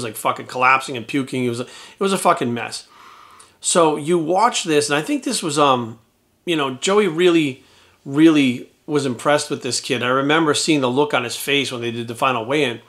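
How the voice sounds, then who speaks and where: A man, a fitness coach, telling a story in a casual monologue, blunt and full of swearing, and lively when he quotes people. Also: fairly high pitch. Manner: animated when quoting others.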